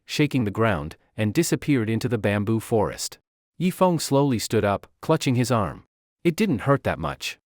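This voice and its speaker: A man's voice: mid-range voice, no echo, clean studio sound. A man narrating a comic story recap in a dramatic storytelling manner.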